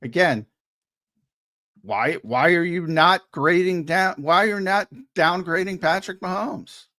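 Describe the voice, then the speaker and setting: A man's voice: high voice, slow, bright, forceful tone. A man co-hosting a sports talk show, arguing his points emphatically and often repeating words as he gets worked up. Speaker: co-host and sports analyst.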